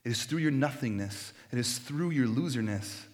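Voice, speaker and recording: A man preaching a sermon in a conversational, animated way, now and then acting out quoted voices. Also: medium pitch, moderate pace. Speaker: pastor.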